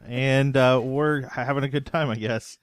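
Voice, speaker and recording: A man's voice: medium pitch, steady tone, smooth. A man running a tabletop game as game master, talking casually and hesitantly, with many fillers and restarts. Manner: halting, full of fillers and restarts.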